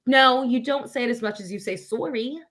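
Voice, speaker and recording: A woman from New Jersey co-hosting a casual livestream chat, animated and acting out what others said. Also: on the high side, a little fast. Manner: animated, acts out quotes. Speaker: co-host.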